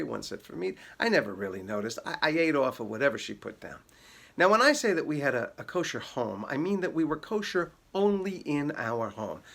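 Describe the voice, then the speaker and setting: A middle-aged man, a comedian, telling jokes about his upbringing in a dry, storytelling way. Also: a little high. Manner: sings a jokey novelty song, then deadpan storytelling. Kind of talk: comic song with guitar, then stand-up.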